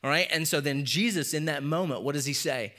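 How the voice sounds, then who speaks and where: A pastor in his thirties giving a casual sermon to a congregation, often checking in with "all right?" and "okay?", and dropping softer for serious points. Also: a little high, a little fast.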